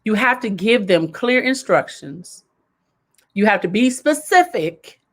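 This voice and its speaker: A woman's voice: medium pitch, sing-song, a little slow. A woman hosting a live advice show, coaching viewers in a casual way, repeating her key points and laughing as she reads their comments.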